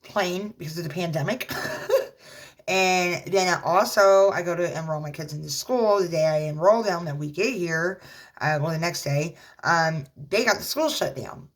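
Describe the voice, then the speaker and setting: A woman, a mother, talking casually to her viewers in a rambling, halting way with lots of fillers, earnestly offering religious encouragement. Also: fairly low pitch. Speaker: vlogger. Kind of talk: casual talk to camera.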